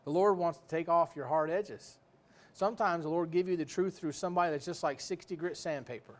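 A man's voice: on the high side, brisk. A man preaching a sermon in a folksy, joking way, full of rhetorical questions.

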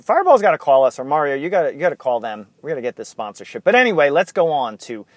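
A middle-aged man, co-hosting a casual podcast and telling rambling stories in excited bursts. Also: on the high side, quick pace, dry recording. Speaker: podcast co-host. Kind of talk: casual chat.

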